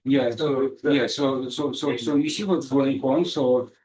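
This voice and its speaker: A man's voice: mid-range voice, fairly even intonation, a little slow, darkish tone. Hesitant male lecturer in an echoey hall. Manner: hesitant, frequent fillers and restarts. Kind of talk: academic conference talk. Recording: echoey hall, mic far off.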